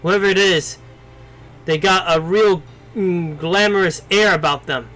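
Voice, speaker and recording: A brash, easygoing young warrior, read out by a man. The tone is high and the pace slow, with faint music behind. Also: fairly bright tone. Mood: casual. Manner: casual, slangy reading.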